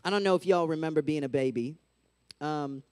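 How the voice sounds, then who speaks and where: A man with a high, bright voice gives a relaxed, talkative sermon to young people. He speaks in an animated way and keeps tossing in "like" and "right?". The sound is dry and close, with no room echo. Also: fairly quick, smooth. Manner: chatty, animated, full of "like" and "right?". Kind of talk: casual sermon.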